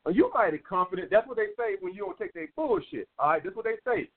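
A man's voice: high-pitched, very animated, quick pace, vocal fry. Blunt, profane man on lo-fi radio. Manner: blunt, profane, repetitive lecturing. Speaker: dating advice host. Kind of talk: call-in radio advice talk. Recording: phone-like lo-fi radio sound.

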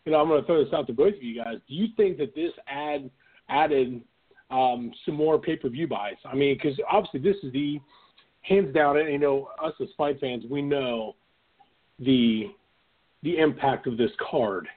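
Husky-voiced man hosting over a phone line. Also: mid-range voice, normal speed. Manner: easygoing, chuckling, many fillers. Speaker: host. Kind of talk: casual podcast chat. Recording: phone-like narrow sound.

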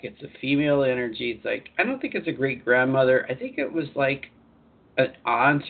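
Gravelly man on a phone-like line. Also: medium pitch. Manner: chatty, repetitive, lively emphasis, chuckles. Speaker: spiritual life coach. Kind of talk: live online talk show.

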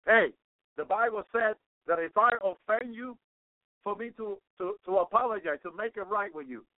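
A man with a high voice delivers a fervent radio sermon, circling back over his phrases and sprinkling in constant praises to the Lord. The sound is thin and phone-like, dry with no room around it. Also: normal speed, dry recording. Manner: repeats and restarts phrases for emphasis. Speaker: radio preacher. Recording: narrow phone-like radio line.

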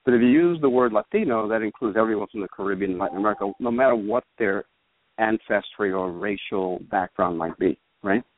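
A man, a political theorist as guest, explaining in a measured way and often checking with "right?". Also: fairly low pitch, no room sound. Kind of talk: explanatory interview talk. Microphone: phone. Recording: tinny dry phone line.

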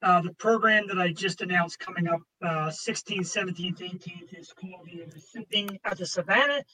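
A man hosts a casual video call interview in an eager, upbeat way. His voice is high and very bright, with a sharp, forward edge. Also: normal speed, low-quality recording. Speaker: show host.

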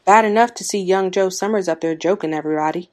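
Stubborn old village man in a story reading, petulant and lowish, read by a woman. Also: quick pace, a little mellow, close to an everyday voice. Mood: grumbling. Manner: petulant, scornful.

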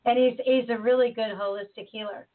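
An animated woman from Chicago chats casually and tends to jump in quickly. Her voice sits fairly high, and it sounds thin and narrow, like it is coming through a phone line. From Chicago, USA. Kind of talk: casual conversation.

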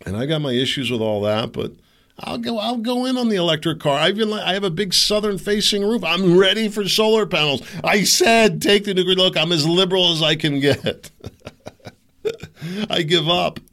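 Middle-aged guy doing a solo podcast rant, lively up-and-down voice, sarcastic asides. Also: sits high, moderate pace. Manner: rambling and opinionated, with sarcastic asides. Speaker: podcast host.

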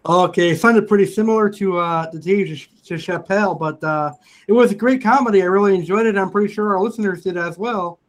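A man's voice: high voice, brisk. A man hosting a casual internet radio show, upbeat and repeatedly thanking callers. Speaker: host.

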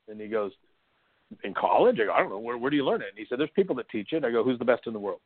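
A San Diego hypnosis trainer in middle age races through his stories as a chatty interview guest, medium-pitched and full of fillers, with occasional laughter. The narrow, tinny audio has no room sound.

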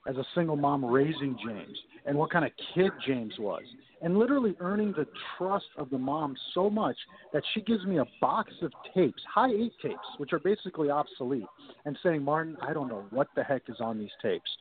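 A man's voice: fairly high pitch, brisk. A man, a sports documentary producer, telling stories on a talk show and acting out quoted dialogue. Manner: animated, acts out quoted dialogue. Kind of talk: casual storytelling interview. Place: phone call-in to a talk show. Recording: tinny phone line.

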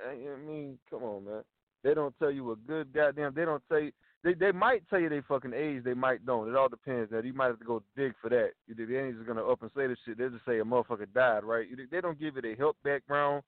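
A man's voice: medium pitch, quick pace, no echo. A man on a talk radio show rants in a heated, profane way, circling back over his points and peppering them with slang tags. His voice is dry and close, squeezed through narrow phone-like audio. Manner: profane, repeats himself, tags lines with "you dig", "bro", "dog".

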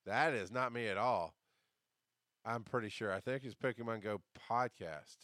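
A man hosting a podcast, telling a story in a casual monologue, jumping between loud outbursts and quiet asides and swearing as he rants. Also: lowish voice, normal speed, no room sound, clean studio sound. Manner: swears casually while ranting. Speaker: podcast host.

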